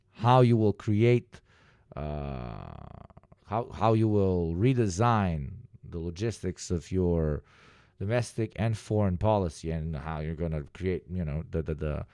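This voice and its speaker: A man giving casual political commentary as a streamer, sardonic and mocking, now and then jumping into a high mocking voice. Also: slow, long pauses, mellow, smooth, no room sound, studio quality.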